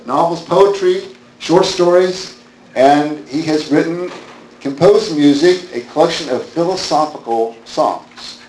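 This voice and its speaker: A man introduces the evening's speaker, stumbling through fillers and restarts. His mid-pitched voice rings in an echoey room, with a faint hum underneath. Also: a little mellow. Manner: halting, filler-heavy. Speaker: event host introducing speaker. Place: lecture room.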